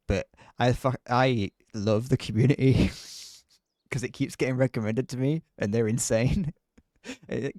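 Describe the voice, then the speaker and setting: A man's voice: medium pitch, dark tone, dry recording, clean studio sound. Rambling British man streaming a game. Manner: rambling, laughs often, frequent restarts. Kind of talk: casual live-stream chat while gaming.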